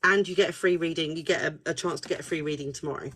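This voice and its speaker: A woman hosting a casual live stream as a spiritual counsellor, chatty and animated, swearing freely as she talks. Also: on the low side, fast talker, hardly any pauses, slightly rough.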